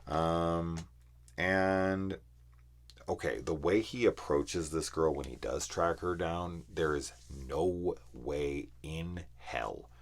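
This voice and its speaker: A man's voice: deep voice, takes it slowly. A man reviewing a horror film in casual, profane, exasperated ranting.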